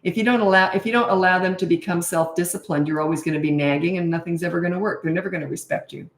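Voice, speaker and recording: A woman's voice: on the low side, fast talker. An older woman, a parenting coach, giving blunt, direct advice in a live-stream Q&A. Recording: echoey room.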